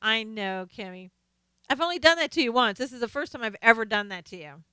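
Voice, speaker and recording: A middle-aged woman hosts a casual live stream, chatting with viewers and reading out their comments, excitable and frequently laughing and exclaiming. Her voice is a little high and a little fast, with a clean tone in a dry recording.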